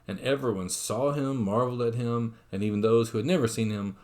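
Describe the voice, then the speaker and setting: A man's voice: medium pitch, fairly quick, a little mellow. A man giving an online lecture, reading quotations aloud with frequent fillers and restarts.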